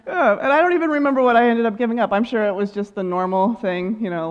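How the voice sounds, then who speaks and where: A woman's voice: fairly high pitch, fast, few pauses, clean tone. A woman preaching a light, self-amused sermon, her voice carrying through a reverberant sanctuary. The sound is a little dull and muffled. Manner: humorous, self-amused, laughs often. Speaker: guest speaker, ministerial student. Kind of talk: sermon with personal stories. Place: church sanctuary.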